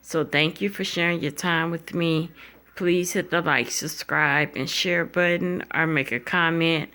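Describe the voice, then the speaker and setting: A woman telling a painful personal story straight to her viewers, slow and heartfelt. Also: sits low, steady tone, sharp tone. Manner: tearful, fighting back tears. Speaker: vlogger.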